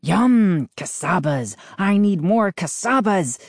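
A woman's voice: mid-range voice, animated, slow, dry recording, clean studio sound, voice pushed up. A woman voicing an anxious, kind young boy who talks in urgent whispers.

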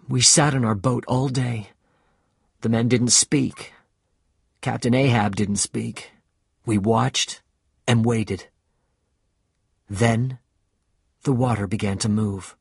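Slow, husky male storybook narrator. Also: mid-range voice, no echo, studio quality. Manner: slow, measured reading.

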